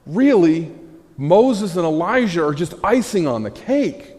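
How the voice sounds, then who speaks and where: A man preaching a conversational sermon, telling the story with animated energy and wry asides. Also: sits high, measured pace. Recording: echoey hall.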